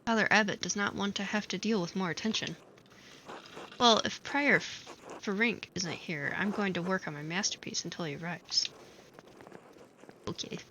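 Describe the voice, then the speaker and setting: A woman streamer playing a game, reading every character's lines aloud in her own voice and adding quick casual asides. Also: mid-range voice, bright, forceful tone, lo-fi sound, a little hiss or hum. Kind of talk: let's play, reading game dialogue aloud.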